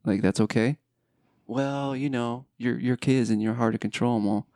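Gravelly man telling a family story. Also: medium pitch, fairly even intonation, normal speed, a little mellow, dry recording, clean studio sound. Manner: storytelling, candid and reflective. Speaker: podcast host. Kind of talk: casual family chat.

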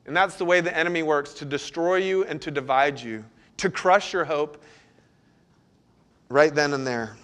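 A male pastor delivering a sermon in an earnest, steady way. His voice sits a little high for a man, and he moves between reading scripture aloud and voicing heartfelt pleas. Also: moderate pace, pauses often. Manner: earnest, pleading when voicing prayers.

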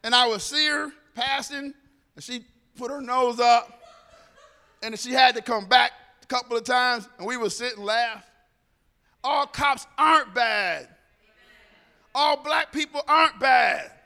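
High-voiced man telling a story in a hall. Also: a little slow. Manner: animated storyteller who acts out dialogue. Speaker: speaker addressing a group. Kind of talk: personal storytelling commentary.

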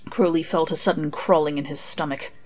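Brief: a woman author narrating her story, low and measured, music faint under. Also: fairly even intonation. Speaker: author reading her fanfic. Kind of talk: audiobook narration.

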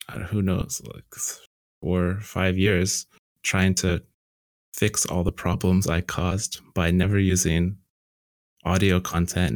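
A man's voice: low voice, no echo. Man telling stories in a dry, close voice. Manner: storytelling, animated when quoting people. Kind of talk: casual chat.

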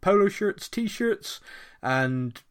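A man's voice: sits high, lively intonation, drawn-out words. A man from England, hosting a casual podcast chat in a jokey, self-mocking way and laughing often. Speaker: podcast host.

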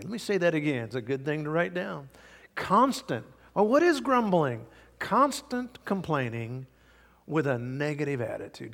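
An older man preaching a sermon as pastor, earnest and emphatic, sometimes dropping to soft asides. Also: on the high side. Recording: long reverb of a large hall.

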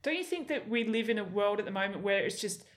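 A young Australian woman hosting a casual interview, chatty and quick to laugh. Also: medium pitch, animated. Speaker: podcast host.

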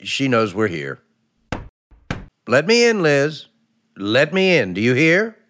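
Jumpy sitcom husband, slow talker with wild pitch swings on old-time radio. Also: male voice, wildly swooping pitch, slight background noise, exaggerated voice. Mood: flustered. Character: fretful middle-class husband, jumpy and bumbling. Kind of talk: 1940s radio acting.

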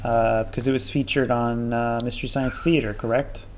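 A man's voice: mid-range voice, level tone, moderate pace. A man hosting a movie podcast in loose, rambling casual chat, laughing often. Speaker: podcast host. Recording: background noise.

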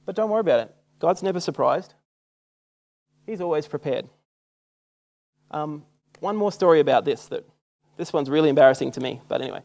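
A man's voice: on the high side, animated, fairly quick, creaky, long pauses, a little mellow. Self-mocking Australian man preaching. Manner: casual, self-mocking storyteller who acts out quotes. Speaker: church speaker. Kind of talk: sermon with personal stories.

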